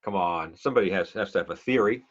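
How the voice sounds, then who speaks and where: A middle-aged man lectures a speech class in an easy, conversational way, pausing on fillers and quizzing his students. His voice sits low, and the classroom recording is muffled and lo-fi. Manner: conversational, many fillers, asks the class questions. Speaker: college speech instructor.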